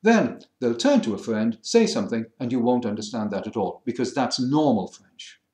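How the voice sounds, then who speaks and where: A middle-aged man with a middle-class educated English accent, explaining things in a measured, wry teaching manner. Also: mid-range voice, lively intonation, a little mellow, reverberant. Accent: standard English, middle-class educated. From England. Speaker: French listening teacher. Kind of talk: lecture to camera.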